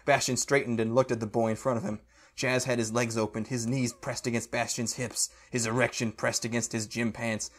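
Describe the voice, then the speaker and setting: A man's voice: mid-range voice, little pitch movement, fairly quick, husky. A man podcast co-host reading fan fiction aloud for comedy, stumbling over the awkward prose and breaking into laughter.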